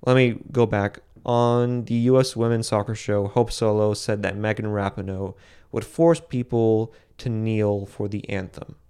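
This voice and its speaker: A man's voice: lowish voice, steady tone, measured pace, mellow, clear, resonant tone. A young man from Boston hosting a solo commentary podcast, rambling with frequent restarts and self-corrections. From Boston, USA. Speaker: podcast host.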